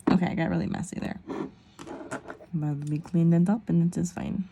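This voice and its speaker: Gravelly low-voiced woman vlogger. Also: a little fast, dark tone. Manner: chatty, rambling, self-deprecating asides. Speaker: nail vlogger. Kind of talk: casual tutorial chat.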